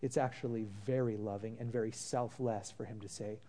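A man's voice: on the low side, fairly even intonation, moderate pace, warm tone, a little hiss or hum. A man preaching a sermon, reading scripture aloud and pressing the congregation with rhetorical questions and casual asides. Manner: calls listeners brothers and sisters, casual asides.

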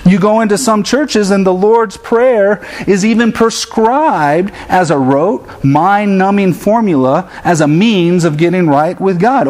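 A man in his thirties preaches with a slightly higher-than-usual voice. His delivery is earnest and direct. He drops into playful impressions of his children to illustrate his points. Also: measured pace, hardly any pauses, darkish tone. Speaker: pastor. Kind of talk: sermon.

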